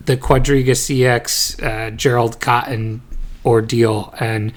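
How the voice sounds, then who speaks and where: A young man co-hosting a casual podcast, talking in a relaxed, measured way with fillers. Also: mid-range voice. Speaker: podcast co-host. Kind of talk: casual chat.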